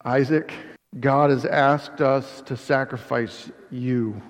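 A man voicing the aging father Abraham, earnest and resolute, in a steady, pleading manner. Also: medium pitch, slow. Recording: dull sound in a long-echo hall.

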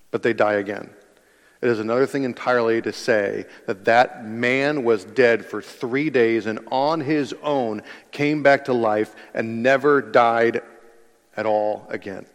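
A man preaching a sermon in a large church hall, reading scripture and explaining it in a conversational, emphatic way. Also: medium pitch. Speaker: pastor. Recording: long reverb of a large hall.

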